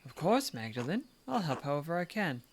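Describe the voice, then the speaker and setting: A man's voice: on the high side, sing-song, brisk, noisy background. A man voicing a kindly, sly elderly nun in a put-on British accent with a little cockney in it, as he reads game dialogue aloud.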